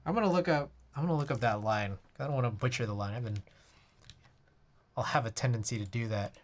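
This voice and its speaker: A man talks loosely to his live chat while working through a keyboard build. His pitch sits in a mid range, and he rambles with lots of "like" fillers and frequent chuckles. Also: fast talker, slight background noise. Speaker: livestreamer.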